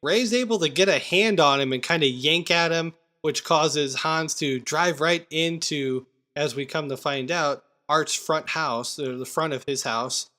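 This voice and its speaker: A man's voice: fairly high pitch, a little slow, hardly any pauses, sharp tone. A man co-hosting a movie podcast, casually recapping scenes and chatting with his co-host. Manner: recaps scenes, acts out quotes. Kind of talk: casual movie review chat.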